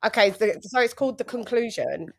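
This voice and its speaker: A woman's voice: fairly high pitch, animated, brisk, vocal fry, noisy background. A woman hosting a casual livestream chat, playful, with sing-song hype introductions. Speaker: host.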